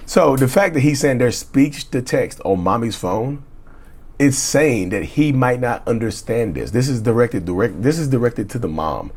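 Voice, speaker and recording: With a mid-range, sing-song voice at normal speed, slightly mellow yet a touch rough, a man who discusses narcissistic abuse on YouTube reads viewers' emails aloud. He talks casually to his audience, often stumbling and repeating words mid-read.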